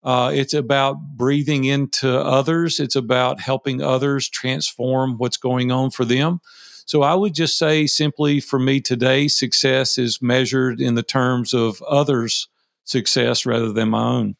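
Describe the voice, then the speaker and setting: A middle-aged man with a Southern drawl, a business owner being interviewed, folksy and quick to laugh as he tells stories. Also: mid-range voice, fairly even intonation, creaky, dry recording, clean studio sound. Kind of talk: conversational interview.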